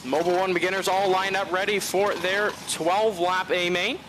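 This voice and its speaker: High-voiced man announcing a race. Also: steady tone. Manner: brisk, announcer-style delivery. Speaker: race commentator. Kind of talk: live broadcast commentary. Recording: noisy trackside broadcast with engine noise.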